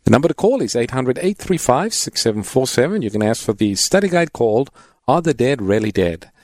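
Measured man co-hosting radio. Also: mid-range voice, big pitch swings, a little mellow, no echo. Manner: measured, announcing. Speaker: radio co-host.

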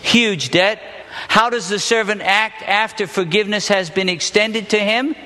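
A man's voice: high-pitched, measured pace, sharp tone, in a large hall. A man teaching a Bible story as a sermon, asking the listeners questions and then answering them himself. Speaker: preacher teaching a Bible passage.

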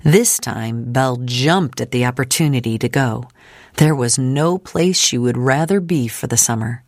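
A woman reading a biography aloud as an audiobook narrator, in a steady, measured storytelling manner on a close studio mic. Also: a bass voice, dry recording.

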